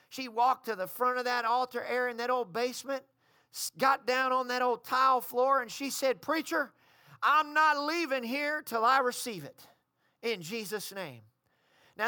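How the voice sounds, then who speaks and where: A man's voice: extremely high pitch, no room sound, studio quality. A man preaching a sermon, telling a story and calling the congregation to respond. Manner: storytelling, rising to shouted fervor.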